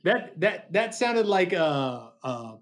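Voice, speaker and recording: Man, podcast co-host, teasing, animated up-and-down pitch. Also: slow. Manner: teasing, lively riffing. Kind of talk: casual chat.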